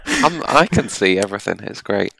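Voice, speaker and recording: A man's voice: on the low side, huge pitch swings, moderate pace, creaky, a crowd in the background. A man playing in a tabletop role-playing game, talking casually and stumbling over his words. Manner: hesitant, stumbling restarts. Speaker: player.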